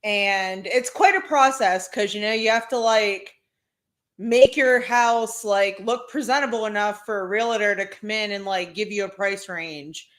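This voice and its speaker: A young woman co-hosting a podcast in a casual, rambling way. Her voice sits at an ordinary middle pitch, and she strings her thoughts together with plenty of fillers. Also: measured pace, a bit bright. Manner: chatty, rambling with many "like" fillers. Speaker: podcast co-host. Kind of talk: casual chat.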